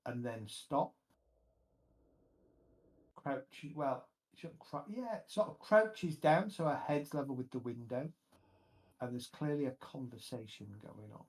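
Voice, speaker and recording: A man narrating a tabletop horror game as game master, describing scenes slowly and carefully. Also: mid-range voice, poor audio. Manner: slow, measured scene narration. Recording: faint music behind.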